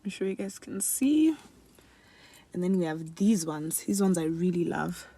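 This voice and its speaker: A young woman chatting casually to camera in a favourites vlog, animated and laughing often, switching between English and another language mid-sentence. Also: lowish voice, unhurried, husky. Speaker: beauty and lifestyle vlogger. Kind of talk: casual chat.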